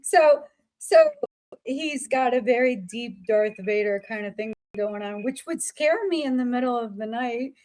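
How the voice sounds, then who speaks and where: A woman hosts a psychic livestream in a casual, chatty way. She laughs often and leans on fillers. Her pace is slow and relaxed. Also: fairly high pitch. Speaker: psychic show host.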